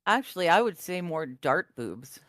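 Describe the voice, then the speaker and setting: A man's voice: a little high, sing-song, moderate pace, a bit bright, no echo, studio quality. A man co-hosting a casual live show, laid-back and chiming in with short remarks. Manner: laid-back, brief interjections, laughs easily. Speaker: livestream co-host. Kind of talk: casual chat.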